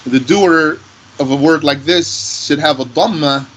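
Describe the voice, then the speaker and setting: Slow, patient male grammar teacher. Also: fairly high pitch, a bit bright, a little hiss or hum, rough recording. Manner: slow, patient, repeats example phrases. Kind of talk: slow classroom explanation.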